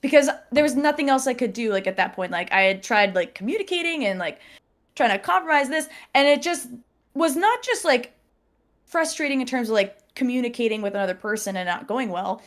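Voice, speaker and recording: Woman guest, slightly high voice, lively storyteller who laughs a lot and acts out quotes. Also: fairly quick. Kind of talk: casual storytelling chat.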